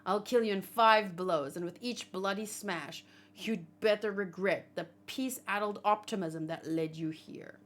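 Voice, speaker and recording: A woman's voice: mid-range voice, measured pace, natural voice. A woman reading aloud as a gloating, cruel male pirate villain, with a sneering, menacing delivery.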